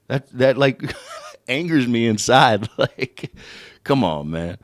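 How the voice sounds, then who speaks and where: A man's voice: mid-range voice, lively intonation, no echo. Profane rambling young man, dry close sound. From United States. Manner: profane, rambling, looks things up on air and reads aloud haltingly. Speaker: podcast host. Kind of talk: casual solo podcast rant.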